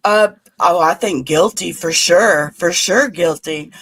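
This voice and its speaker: A man joining a casual livestream chat, relaxed and offhand. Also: sits high, slow.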